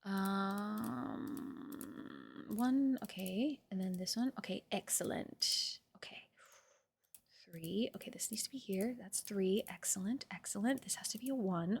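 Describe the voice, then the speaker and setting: A young adult woman streamer chatting casually to her viewers, talking to herself and swearing, sometimes loud. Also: medium pitch, a little slow, gravelly, husky. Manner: talks to herself and to chat, swears, swings loud. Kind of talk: casual chat.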